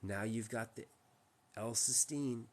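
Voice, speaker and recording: A man's voice: mid-range voice, slow. A man hosting a casual live stream from home, talking in a rambling, emphatic way with many restarts. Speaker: livestream host.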